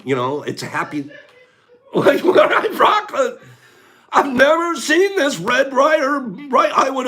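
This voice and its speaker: A man hosting a casual livestream, chatting to viewers in an animated way and laughing often. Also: high-pitched. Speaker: livestream host.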